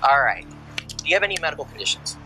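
A man's voice: medium pitch, sing-song, rapid-fire, music in the background, low-quality recording. A police officer, a man, giving patient, repetitive sobriety test instructions at the roadside at night.

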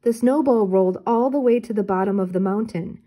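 Mellow older woman reading a storybook. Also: medium pitch, a little fast. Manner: clear, even read-aloud narration. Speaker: storybook reader. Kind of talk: reading a children's book aloud.

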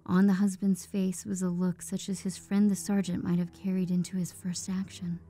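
A woman narrating a dark classic short story in a steady, measured storytelling voice. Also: lowish voice.

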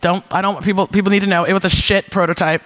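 A young woman from New York giving a conference talk, telling lively stories with swearing and acting out her own retorts. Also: mid-range voice, racing. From New York, USA. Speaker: keynote speaker, founder. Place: stage before an audience.

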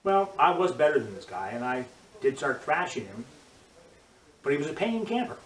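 An older man, a judo instructor, telling animated stories in an interview and acting out the voices of the people in them. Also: on the high side, normal speed. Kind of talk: storytelling interview. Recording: roomy, distant mic, crowd murmur.

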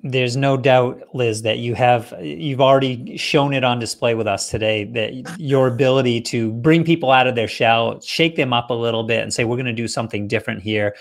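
A man hosting a live-streamed interview, speaking at a middling pitch. He talks in a relaxed, conversational way and pauses now and then to find his words. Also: creaky. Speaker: host.

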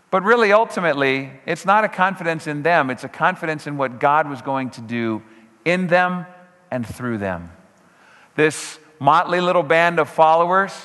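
A man preaching a sermon as pastor, emphatic, slowing down on key phrases and swinging his pitch up and down. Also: sharp tone. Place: church sanctuary. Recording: church hall reverb.

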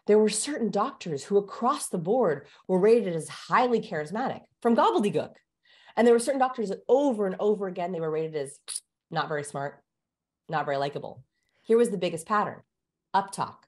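A woman speaking as a guest expert in an interview, explaining ideas in an animated, teacherly way, speeding up and slowing down for emphasis. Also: medium pitch.

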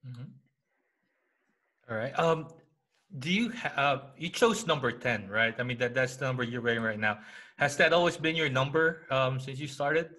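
A man's voice: mid-range voice, moderate pace, sharp tone. A man hosting a basketball podcast, chatting casually and upbeat with plenty of fillers. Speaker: podcast host.

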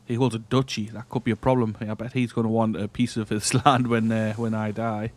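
A man's voice: on the low side, flat delivery, brisk, a little hiss or hum. A man hosting a let's-play, casually thinking aloud as he plays a strategy game, often trailing off and restarting. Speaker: gaming channel host.

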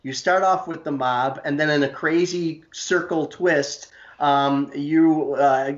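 A man hosts a casual interview, friendly and chatty as he asks his questions. His voice sits a little high for a man. The recording sounds dull and muffled. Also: steady tone, slow pace. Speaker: host.

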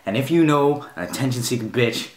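A man's voice: medium pitch, expressive, fairly quick, roomy sound, a little hiss or hum. A male YouTuber delivering a comedic, profane rant in a slangy, mock-tough way. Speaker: YouTube commentator.

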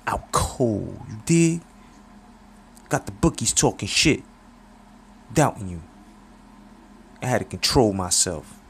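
A man voicing a smooth-talking, cocky male hustler with a high, slangy street voice and a swaggering manner. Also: very animated, slow, pauses often, a little hiss or hum, exaggerated voice.

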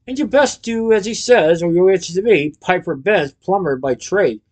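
A man's voice: high voice, normal speed. A man reading a storybook, voicing a tough, brash woman plumber with a bossy, protective manner.

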